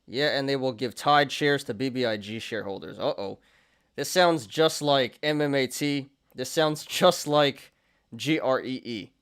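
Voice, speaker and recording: A man's voice: medium pitch, measured pace, fairly bright tone, smooth. A young man hosting a market show, chatting casually through charts, often laughing and restarting his sentences. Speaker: stock and crypto show host.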